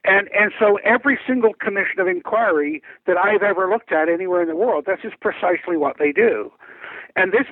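An older man speaking as a guest over the phone, explaining things deliberately and often repeating words as he restarts. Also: high voice, husky, no echo. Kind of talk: phone interview, recounting and explaining. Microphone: telephone. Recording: tinny phone line.

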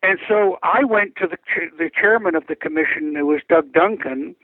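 Older guy on a tinny phone call, dry close sound, talks slow and careful, restarts a lot. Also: fairly high pitch, slightly rough, no room sound. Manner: deliberate, explanatory, repeats words as he restarts. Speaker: guest. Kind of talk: phone interview, recounting and explaining. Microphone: telephone.

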